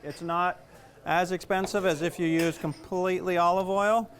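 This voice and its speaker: A middle-aged Southern US chef with a high, steady voice gives a casual cooking demonstration at a moderate pace, with a little hiss or hum in the audio. He's chatty and rambling and makes jokes at his own expense.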